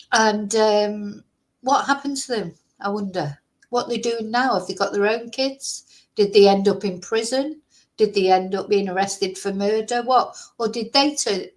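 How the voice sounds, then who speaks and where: Exasperated rambling middle-aged woman. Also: medium pitch. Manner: exasperated, rambling, frequent fillers. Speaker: commentator reacting to a video. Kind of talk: casual reaction commentary.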